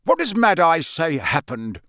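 A male reader plays an earnest, busy wizard father in a storybook, always in a hurry. His voice is pitched slightly up and recorded dry. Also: huge pitch swings, a little slow, gravelly, sharp tone, no echo, heavily acted. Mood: hurried.

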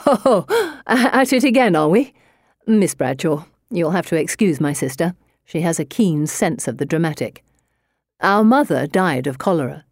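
A woman's voice: sits low, lively intonation, normal speed, a little mellow, no echo, studio quality. A woman narrator voicing a mocking, condescending young brother in an audiobook. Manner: sneering, dismissive.

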